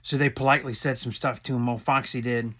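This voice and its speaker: A man's voice: medium pitch, fairly even intonation, quick pace, bright, forceful tone. A man casually recapping a reality show episode, talking in a rambling, conversational way with asides and restarts.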